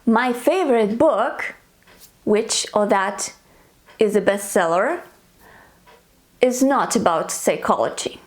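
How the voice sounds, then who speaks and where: A woman with a Russian accent, a native Russian speaker, teaching English grammar online with clear, deliberate explanations and lively intonation in her example sentences. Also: mid-range voice.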